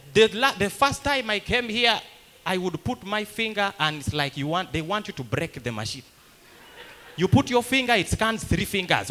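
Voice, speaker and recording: A man doing a stand-up comedy set, telling stories and acting out the voices of other people. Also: high voice. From Uganda. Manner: animated storytelling that acts out other people's lines.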